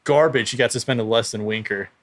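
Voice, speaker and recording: A man on a sports podcast, retelling a baseball brawl in a heated, rapid, swearing manner. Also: mid-range voice. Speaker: podcast co-host. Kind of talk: casual sports chat.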